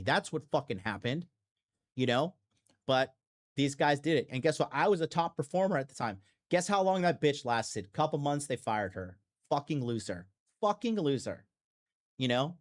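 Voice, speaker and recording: Blunt, profane male podcast host. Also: mid-range voice. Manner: lots of fillers and restarts. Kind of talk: casual monologue.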